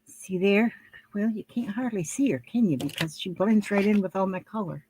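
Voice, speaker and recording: A woman's voice: mid-range voice, lively intonation, brisk, darkish tone, slight background noise. An older woman talking casually to camera at home while she shows her handmade crafts, rambling and homey, with lots of fillers and restarts.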